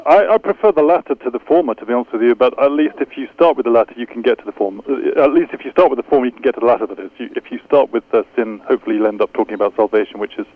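A man from London with an English accent, a theology professor being interviewed, who explains carefully, with frequent pauses and fillers and a dry, self-deprecating touch. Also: mid-range voice. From London, England. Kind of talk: radio interview conversation. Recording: tinny phone line.

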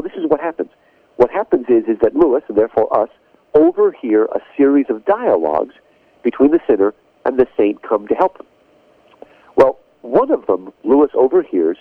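A man's voice: mid-range voice, creaky, no room sound. A man speaking as a guest on a radio interview, explaining ideas in an earnest, emphatic way. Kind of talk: radio interview, lecturing on literature and theology. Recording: phone-line call on radio, dry.

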